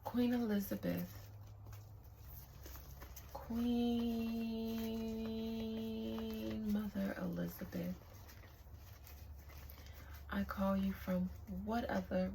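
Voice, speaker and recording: A woman reads tarot outside and speaks at an unhurried, drawn-out pace. Her voice has a gravelly, fried edge, and her halting delivery sinks into hushed calls to the spirits. A faint hiss sits under her voice. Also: lowish voice. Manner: slow, halting, hushed invocations. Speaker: tarot reader. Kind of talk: casual spiritual reading. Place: outdoors.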